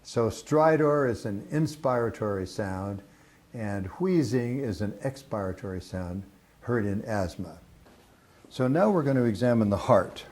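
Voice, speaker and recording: Older man, low mellow voice, calm clinical teacher pausing with fillers. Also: slight background noise. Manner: calm explanatory, frequent uh fillers. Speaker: instructor.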